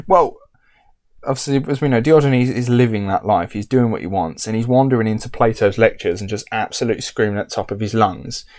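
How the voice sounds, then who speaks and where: A man's voice: lowish voice, a little fast, a little mellow. A man, animatedly telling a story in casual podcast chat.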